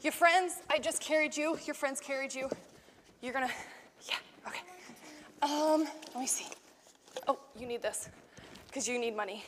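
A woman's voice: high voice, normal speed, pauses often, in a large hall, slight background noise. A young woman teaching children, acting out a Bible story with them in a playful, laughing way. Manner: playful, animated, laughing often.

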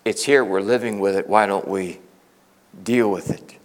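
A male pastor preaching a sermon, swinging from loud, emphatic peaks to hushed asides. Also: on the low side, normal speed. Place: church sanctuary. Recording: reverberant church hall.

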